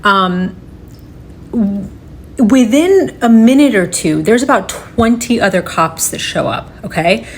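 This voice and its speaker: A woman giving unscripted reaction commentary, agitated and swearing, shaken and halting as she talks. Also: medium pitch, lively intonation, slight background noise. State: shaking with upset. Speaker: reaction video creator.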